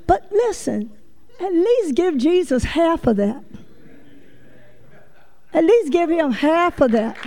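A woman's voice: extremely high pitch, takes it slowly, pauses often. A woman preacher giving a sermon, telling folksy stories and calling out directly to her congregation. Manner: lively folksy storytelling, addresses the congregation directly.

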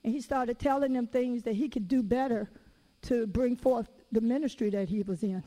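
A woman preaching a sermon, telling personal stories in a lively, conversational and casual way. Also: on the high side, moderate pace, poor audio. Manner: casual everyday phrasing.

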